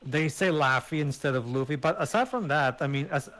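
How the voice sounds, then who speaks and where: A man giving casual gaming commentary, explaining things in a measured way. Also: a little high, expressive, a crowd in the background. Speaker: let's play co-commentator. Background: game music.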